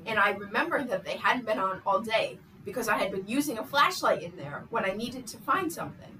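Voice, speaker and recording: A young woman guest on a casual podcast, telling a story hesitantly with many pauses and ums. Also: mid-range voice, animated, pushed and bright. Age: young adult. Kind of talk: casual chat. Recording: distant mic with noticeable background noise.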